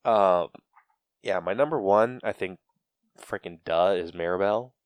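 A man co-hosting a casual podcast, his voice sitting on the low side and his talk unhurried and drawn out. He rambles through his points with plenty of fillers and the odd laugh. The sound is dry and close, with no room around it. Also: smooth, no room sound. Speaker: podcast co-host. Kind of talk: casual chat.

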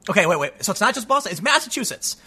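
A man's voice: high-pitched, rapid-fire, husky. A man hosting an online show, giving emphatic, opinionated solo commentary. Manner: emphatic, animated, acts out quoted voices.

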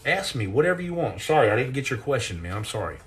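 A man's voice: medium pitch, very animated, fast talker. A middle-aged man hosting a casual live chat and answering questions, telling rambling, jokey stories with many restarts and repeated words.

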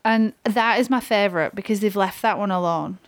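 Woman, podcast co-host, chatty, laughs a lot, swears casually. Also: mid-range voice. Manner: laughing, swearing, quick storytelling. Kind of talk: casual chat.

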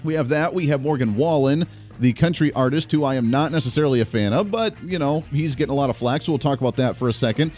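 The voice is mid-range and darkish, moving at a quick pace. He's a thirtysomething Kansan hosting talk radio, talking right to listeners in an upbeat, opinionated, chatty style. The studio microphone gives a dry sound, and faint music plays during this energetic monologue.

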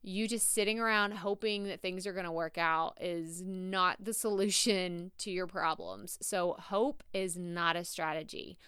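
A woman's voice: fairly low pitch, fairly even intonation, measured pace, few pauses, fairly bright tone, clean tone, no room sound, clean studio sound. A woman with a Texas drawl hosting a solo podcast, giving chatty, direct tough-love advice to listeners she calls y'all. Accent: Texan Southern. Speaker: podcast host.

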